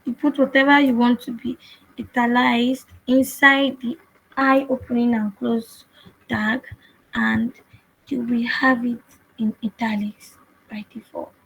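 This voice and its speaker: A woman's voice: a little high, level tone, a little slow, creaky, fairly bright tone, husky, lo-fi sound. A woman teaching web development in a screen-share coding tutorial, explaining patiently and repeating herself with frequent restarts.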